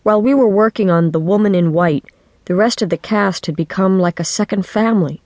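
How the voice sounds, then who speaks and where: A woman's voice: mid-range voice, brisk, a little mellow, no room sound. Woman narrating a kids' audiobook. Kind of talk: first-person children's audiobook narration. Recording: dry studio audiobook.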